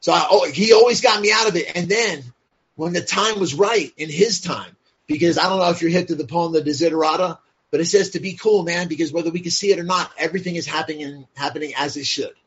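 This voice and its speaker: A man's voice: on the high side, quick pace, fairly bright tone, breathy edge. A man guest telling his story candidly and bluntly, swearing freely and filling his speech with "like" and "you know". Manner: blunt and profane, many fillers like "like" and "you know". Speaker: podcast guest. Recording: dull lo-fi sound.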